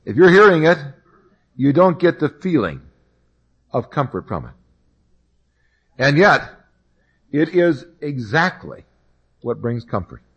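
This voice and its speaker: A man giving an expository Bible lesson, explaining scripture verse by verse in a measured way. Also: a little high, big pitch swings, a bit bright, husky, lo-fi sound. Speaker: Bible study teacher.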